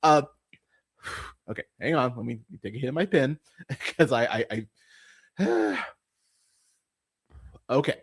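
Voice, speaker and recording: A man's voice: mid-range voice, slow pace, long pauses, husky. A man hosting a movie review podcast, talking in a casual, profane, exasperated rant. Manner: animated, swearing, exasperated.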